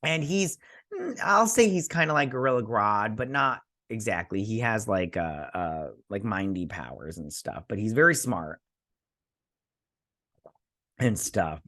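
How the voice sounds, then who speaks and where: A young man recaps a TV episode in a loose, rambling way, full of ums and false starts. His voice swings widely in pitch as he gets animated. The sound is dry and close, with no room echo. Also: measured pace. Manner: rambling, many fillers and restarts; animated, acts out characters' lines. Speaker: TV show reviewer.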